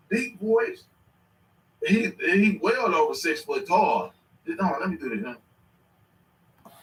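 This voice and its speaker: Animated slangy man streaming, echoey room. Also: high-pitched, slow pace, pauses often. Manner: animated, rambling, slangy, laughing. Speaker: streamer reacting to clips. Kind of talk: casual reaction commentary. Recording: echoey room, mic at a distance.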